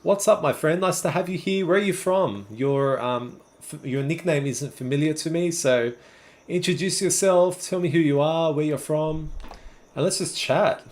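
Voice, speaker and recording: A man's voice: a little high, moderate pace. A man in his twenties or thirties with a Sydney Australian accent, casually chatting with viewers on a live stream and answering their messages. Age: 20s or 30s. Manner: relaxed, chatty, answers chat messages one by one. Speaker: livestream host.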